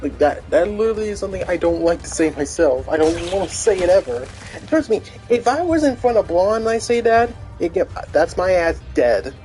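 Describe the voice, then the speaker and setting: A man's voice: high-pitched, animated, fairly quick, dark tone, soft background music. A man streaming a video game, rambling in casual chat with many restarts and fillers.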